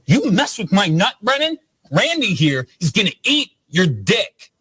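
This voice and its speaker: An actor playing a brash, profane sales boss laying down the stakes. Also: male voice, high-pitched, sing-song, a little slow, bright, forceful tone, husky, dry recording, full character voice. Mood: pushy. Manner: pushy, profane.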